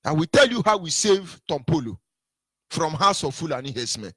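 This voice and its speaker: A man's voice: on the high side, very animated, normal speed, fairly bright tone, husky, no room sound. A Nigerian man giving an impassioned political monologue, preachy, repeating rhetorical questions and sometimes singing his lines. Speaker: activist broadcaster.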